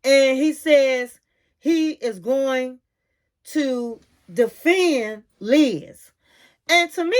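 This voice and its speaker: A high-voiced woman vlogger retelling a show's drama in a chatty, gossipy way. She talks to her listener like a friend, tossing in a "honey" now and then. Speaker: reality TV recap vlogger. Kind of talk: casual recap chat.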